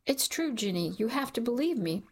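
A woman voicing a gruff young man who is desperate and remorseful, in an audiobook. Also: a little high, very animated, a little fast, pitched above the performer's own voice. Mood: pleading. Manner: gruff, pleading.

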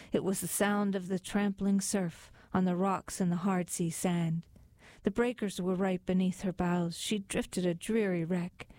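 Woman reciting poetry in a mellow voice. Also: mid-range voice, no room sound. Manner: measured, rhythmic recitation. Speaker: reader. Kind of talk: poetry reading aloud.

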